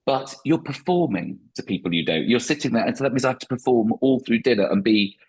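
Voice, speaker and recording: Husky-voiced man, chatty. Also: medium pitch, lively intonation, fast talker, darkish tone. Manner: reflective, chatty, frequent restarts. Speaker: stand-up comedian, podcast guest. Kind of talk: podcast interview.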